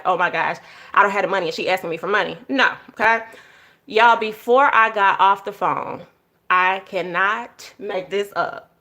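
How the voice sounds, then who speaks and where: Bright, animated woman vlogger. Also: mid-range voice. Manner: animated storytelling, acting out quotes, addresses viewers as y'all. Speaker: journaling vlogger. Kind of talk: casual chat to viewers.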